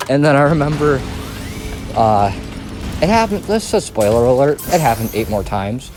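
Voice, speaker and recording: A man's voice: medium pitch, big pitch swings, moderate pace, darkish tone, soft background music. Rambling, profane young man. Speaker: storytime vlogger. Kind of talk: casual storytelling.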